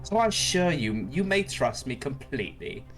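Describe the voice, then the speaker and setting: A man playing a pompous gentleman detective. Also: mid-range voice, very animated, over music, close to an everyday voice. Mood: boastful. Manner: grandiose, theatrical, drawn-out delivery. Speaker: streamer voicing game dialogue.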